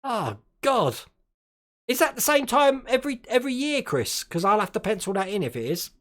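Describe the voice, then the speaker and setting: A man's voice: very high voice, big pitch swings, fast. A man from Australia hosting a casual live stream, chatting and laughing often and tripping over his words now and then.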